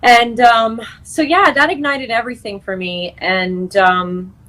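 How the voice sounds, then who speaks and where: Speaking a little slowly in a fairly high, somewhat bright voice, the young woman is an actress and screenwriter being interviewed as a guest. The casual conversation is chatty and peppered with fillers, restarts, and easy laughter, captured on poor audio.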